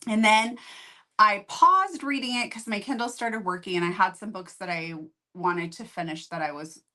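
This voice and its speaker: A woman's voice: medium pitch, normal speed, sharp tone. A woman co-hosting a book review show, telling the story of a book in a conversational way and thinking aloud. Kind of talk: casual chat.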